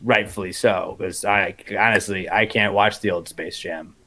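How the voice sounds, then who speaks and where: A man's voice: low-pitched, steady tone, moderate pace, pushed and bright. A man co-hosting a podcast, chatting casually with wry jokes and exaggerated rants. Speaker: podcast co-host. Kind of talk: casual chat.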